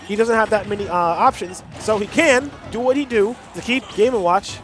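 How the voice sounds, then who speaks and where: A man's voice: high voice, moderate pace, faint music behind. A man giving color commentary on a fighting game match, breaking down plays in an analytical way, with frequent ums. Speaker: tournament caster.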